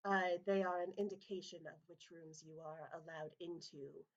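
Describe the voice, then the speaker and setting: A woman's voice: fairly low pitch, fairly even intonation, lo-fi sound, natural voice. A woman voicing a formal, courteous cat-person steward at a masked party. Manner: courteous, measured, stiffly formal.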